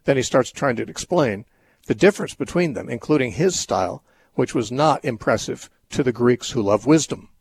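Male call-in host, husky voice, musing and meandering, mid-pitched, explains scripture off the cuff. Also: lively intonation, normal speed, a little mellow. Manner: thoughtful, rambling with many restarts and fillers. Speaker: radio Bible-teaching call-in host. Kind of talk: unscripted call-in Bible answers.

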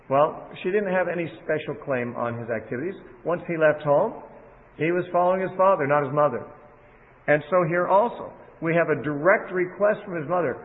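Male Bible teacher, fairly high voice, casual sermon delivery, thin phone-quality audio. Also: lively intonation, moderate pace. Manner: conversational, paraphrases scripture in everyday words. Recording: phone-like audio in a reverberant hall.

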